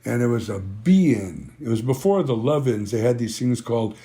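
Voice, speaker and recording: This older man, founder of a band, has a mellow medium-pitched voice with lively intonation and a moderate pace. Guesting on an interview, he tells looping stories sprinkled with "you know" while acting out old talks.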